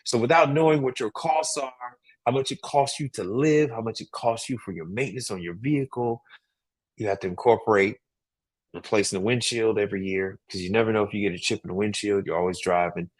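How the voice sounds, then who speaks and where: A man's voice: fairly low pitch, brisk. A man hosting a casual livestream, giving emphatic business advice with a lot of repetition and frequent "right?" checks.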